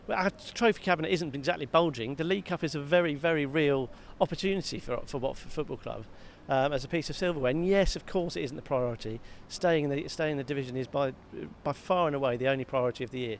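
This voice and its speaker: A man co-hosting a football podcast, talking in a lively, self-mocking way and often repeating words. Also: a little high, quick pace, creaky, few pauses. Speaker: podcast co-host. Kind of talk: casual football chat. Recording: faint background noise.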